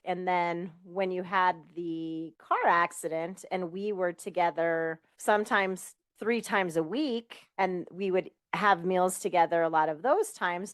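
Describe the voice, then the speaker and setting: Slow-spoken middle-aged mother, podcast co-host. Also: fairly low pitch, dry recording. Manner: calm, reflective, deliberate. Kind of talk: candid podcast conversation.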